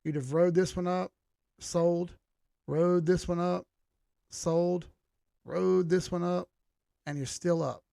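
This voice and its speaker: A man's voice: sits high, fairly even intonation, slow pace, gravelly, pauses often, dark tone, dry recording, studio quality. A man hosting a casual livestream about charts, loose and joking as he reads chat, his voice strained and starting to crack. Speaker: host of a live chart analysis stream.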